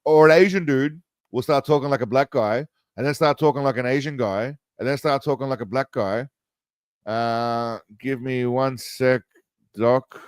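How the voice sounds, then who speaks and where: A man hosting a live stream, casually talking over a film trailer with mocking, rambling remarks. His voice sits at a middle pitch and sounds dry and close, with no room echo. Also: normal speed, clean tone. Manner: mocking, rambling, laughs at his own jokes. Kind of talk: casual reaction chat.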